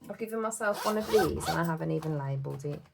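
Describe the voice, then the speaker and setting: Gravelly, giggly British woman vlogging. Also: sits low, expressive, quick pace, background noise. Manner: chatty, giggly, counting aloud to herself. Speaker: budgeting vlogger. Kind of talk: casual chat while cash stuffing.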